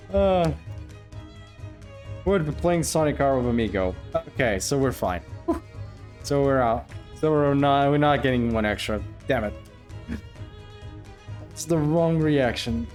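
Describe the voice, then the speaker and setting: A male streamer chats casually over his gameplay, joking and laughing often as he answers his viewers. His voice swings widely in pitch, full of animated ups and downs. Faint music plays underneath. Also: measured pace, long pauses. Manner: chatty and joking, laughs often, talks back to chat. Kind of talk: casual live gameplay commentary.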